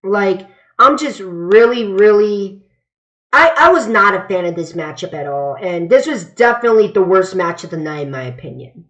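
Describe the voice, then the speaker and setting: A woman's voice: medium pitch, expressive, moderate pace, fairly bright tone. A woman giving a casual, opinionated spoken review, rambling and stumbling over her words as she goes. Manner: emphatic and opinionated. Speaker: wrestling reviewer. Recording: slightly dull lo-fi sound.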